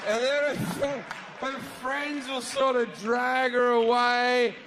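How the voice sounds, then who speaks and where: Performing stand-up live before an audience, a man tells crude, sardonic stories full of swearing and does voices for the characters. His voice is very high with little pitch movement and a slow pace, and a crowd and other background noise can be heard.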